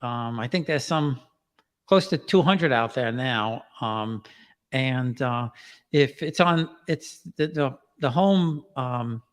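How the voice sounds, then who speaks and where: A man's voice: medium pitch, takes it slowly. Easygoing man with roomy reverb. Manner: relaxed, easygoing, many fillers. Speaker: podcast guest. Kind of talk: casual chat.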